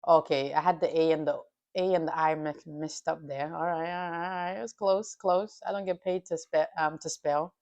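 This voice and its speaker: Woman, lower register, a futures trader hosting her own stream, relaxed and profane with chat and self-coaching in her day's review. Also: normal speed, hardly any pauses, lo-fi sound. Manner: loose and profane, chatting with viewers. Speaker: futures trading livestreamer.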